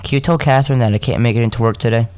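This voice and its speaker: A man reading a calm insistent caller. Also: mid-range voice, rapid-fire, clear, resonant tone, close to an everyday voice.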